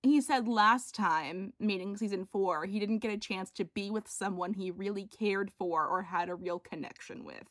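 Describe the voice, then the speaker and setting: A woman's voice: mid-range voice, normal speed, hardly any pauses, fairly bright tone, no echo. Woman co-host, close dry sound, wry and questioning in casual chat. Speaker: podcast co-host.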